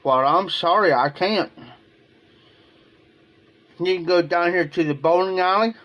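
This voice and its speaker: A man's voice: high-pitched, unhurried, highs cut off. A man from Ohio talking casually on a livestream in a rambling, emotional way, often repeating himself. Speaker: live streamer.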